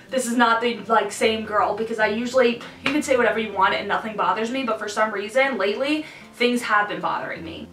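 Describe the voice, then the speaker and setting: A young pregnant woman chatting casually to her viewers, full of "like" and quick asides. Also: on the high side, roomy sound, recorded from a distance, rough recording. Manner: chatty, lots of "like", animated asides. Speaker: vlogger. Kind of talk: casual pregnancy update vlog. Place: hot room indoors.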